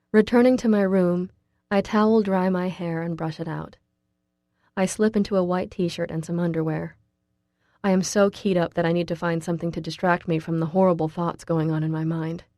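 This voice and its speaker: A woman narrating a first-person audiobook in a quiet, measured way. Her voice is low and mellow, with a dark, soft tone. The recording is close and completely dry. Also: no room sound.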